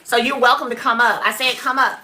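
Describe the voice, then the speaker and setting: Bright-voiced woman hosting a livestream. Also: fairly high pitch, steady tone. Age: 30s. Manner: blunt, drawn-out hums. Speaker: livestream host. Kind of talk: casual livestream talk.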